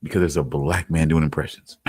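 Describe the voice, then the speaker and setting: A man co-hosting a podcast, talking casually in a halting way, often restarting his sentences. His voice sits very low. The sound is dry and close. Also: steady tone, a little mellow, slightly rough, dry recording. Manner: halting, repeats himself. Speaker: podcast co-host. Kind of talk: casual chat.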